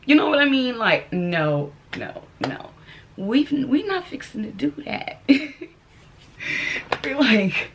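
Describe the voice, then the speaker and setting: Here her voice sits high and turns creaky, with noticeable background noise. She's a woman in her forties from Texas, vlogging at home in her apartment and reenacting a story with laughter and shrieks.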